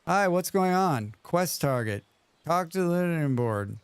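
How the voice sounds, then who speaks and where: A man's voice: fairly high pitch, animated, measured pace, clean tone, no echo. A man streaming a game, chatting casually and muttering questions and reactions at the screen. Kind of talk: casual gaming commentary.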